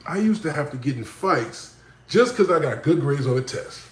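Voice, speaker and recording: A man's voice: on the high side, normal speed. Reflective man telling his story in a roomy space. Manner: conversational, frequent "you know what I'm saying", animated when quoting others. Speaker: vlogger. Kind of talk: casual personal storytelling.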